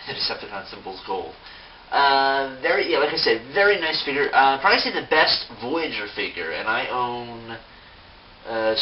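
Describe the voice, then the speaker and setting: Man, mid-pitched voice, rambling casual toy review, full of ums and uhs, self-mocking jokes, distant mic, muffled lo-fi sound, faint hiss. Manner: rambling, many fillers, self-mocking asides.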